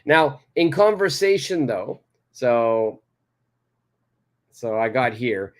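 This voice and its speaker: A man's voice: mid-range voice, lively intonation, takes it slowly, long pauses. A man teaching an English lesson, patiently explaining phrases and repeating examples aloud. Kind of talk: live online grammar lesson.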